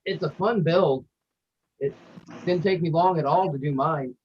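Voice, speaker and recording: Easygoing man with a higher voice, dull line. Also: unhurried, slight background noise. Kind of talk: casual group chat.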